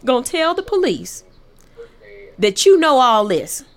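A fierce, blunt mother shouts high and hard, as a woman acts her out. The voice has a gravelly edge under the yelling. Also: sing-song, measured pace, heavily acted. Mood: furious scolding.

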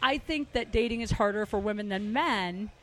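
A woman's voice: medium pitch, moderate pace. A woman comedian in her thirties hosting a podcast, telling stories in a brash, candid, profane way. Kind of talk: casual podcast chat.

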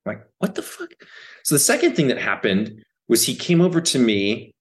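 A man who is an actor, a guest on a podcast, telling stories in a loose, profane, animated way. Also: medium pitch, a little fast. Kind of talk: casual interview chat.

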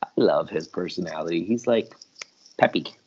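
A man co-hosting a chat show, reading a comic aloud with animated voices and frequent laughs. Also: low-pitched, moderate pace, breathy edge, dull audio. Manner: animated, laughs often, puts on voices for characters.

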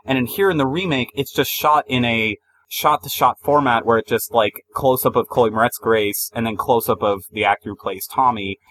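A man's voice: mid-range voice, normal speed, hardly any pauses, a bit bright, slight background noise, low-quality recording. A man reviewing films in a casual debate, arguing his point emphatically. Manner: argumentative, emphatic. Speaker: film reviewer.

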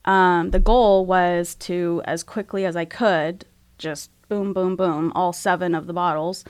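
A woman's voice: lowish voice, unhurried, clean tone, no room sound. A middle-aged woman, an interview guest, telling a personal story candidly and acting out her own thoughts at the time. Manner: candid, animated when retelling, acts out her own quoted thoughts.

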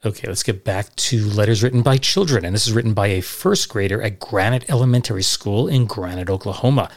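A man's voice: fairly low pitch, brisk. A middle-aged man hosting a podcast, reading old letters aloud and adding chatty, dry, sarcastic asides. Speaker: podcast host.

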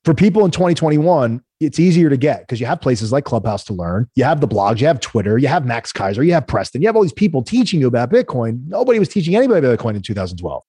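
Fast-talking husky man telling stories. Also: mid-range voice, no echo, clean studio sound. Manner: animated storyteller, acts out quoted voices, frequent "right?". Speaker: guest entrepreneur. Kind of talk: casual storytelling interview.

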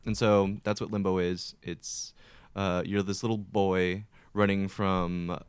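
A man on a gaming podcast, telling a game story in an animated way, with lots of swearing and acted-out reactions. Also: deep voice, slow pace, smooth, dry recording. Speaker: podcast co-host. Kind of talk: casual gaming chat.

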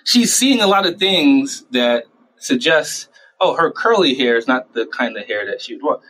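A man in his thirties or so answers interview questions in an easy, conversational way. His pitch sits in an ordinary middle range, and he slips into quick voices to act out parents and himself. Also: very animated, a bit bright, low-quality recording. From United States. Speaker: child and adolescent psychiatrist.

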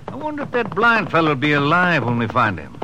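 An actor playing a skeptical country sheriff with a drawling rural way of speaking in an old radio drama. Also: male voice, on the high side, huge pitch swings, fairly quick, pushed and bright, heavily acted, poor audio. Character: folksy, skeptical adult male Western sheriff. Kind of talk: 1950s radio drama acting. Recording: hissy old radio broadcast.

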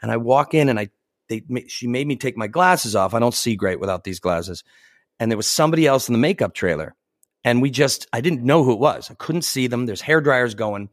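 A man's voice: medium pitch, animated, fairly quick, dry recording. Chatty man telling stories, dry close sound. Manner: chatty, laughs often, acts out quoted voices. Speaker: actor guest. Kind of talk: casual anecdotal storytelling.

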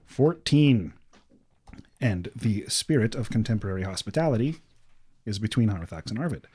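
A man running a tabletop game as game master, narrating casually with lively delivery. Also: fairly low pitch, moderate pace, husky.

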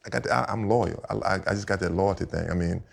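Deep gravelly older man telling stories. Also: quick pace. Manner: animated storyteller, repeats himself, acts out quotes. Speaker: guest, retired football player. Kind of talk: casual storytelling chat. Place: house set for a podcast.

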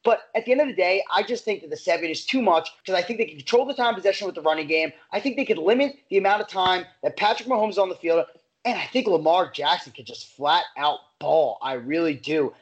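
A man co-hosting a sports betting show, talking in an emphatic, animated way and often repeating his phrases. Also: high-pitched, fast, poor audio. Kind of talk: casual sports betting talk.

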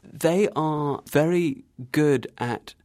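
A man interviewed about his travels, telling his story in an animated, wry way and laughing at himself. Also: fairly high pitch, very slow, no room sound, clean studio sound. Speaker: interview guest.

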